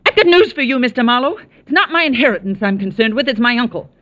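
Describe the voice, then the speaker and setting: A proud young niece, earnest and quick-tempered. Her pitch moves a lot. The vintage radio sound is muffled. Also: lively intonation, darkish tone, dry recording. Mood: indignant. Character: young woman, niece of a collector, proud and spirited. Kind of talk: 1940s radio acting. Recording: dull old radio broadcast.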